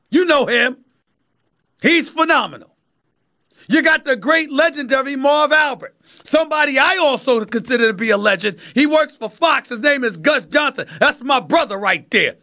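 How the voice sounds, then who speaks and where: Bright, forceful, and pitched unusually high, this New York City sports talk host in his fifties preaches his commentary monologue, hammering home his points through repeated phrases. His intonation is lively and his pace moderate.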